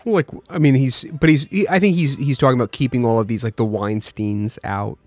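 A man co-hosting a comedy podcast, going along with every bit and delivering absurd lines with a straight face. His voice sits at an ordinary pitch and sounds dry and close. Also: a little fast, darkish tone, no echo, soft background music. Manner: agreeable, straight-faced joker. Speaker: podcast co-host.

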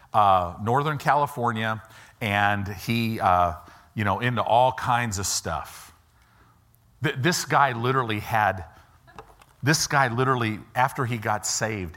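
Bright-voiced pastor telling a story. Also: male voice, fairly low pitch. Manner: animated storyteller, acts out quoted voices; informal, asides to the audience. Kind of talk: storytelling sermon. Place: church.

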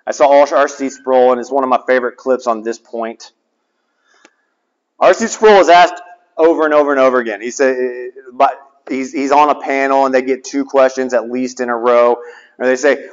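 A man's voice: medium pitch, normal speed, clean tone. A man preaching a sermon, putting rhetorical questions to his listeners and repeating phrases for emphasis. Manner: repetition for emphasis. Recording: dull lo-fi sound with long reverb.

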